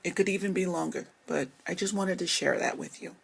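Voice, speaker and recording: A woman's voice: on the low side, brisk, creaky, a little hiss or hum. A woman speaking casually straight to camera, rambling and apologetic while she talks with her hands. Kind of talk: casual vlog monologue.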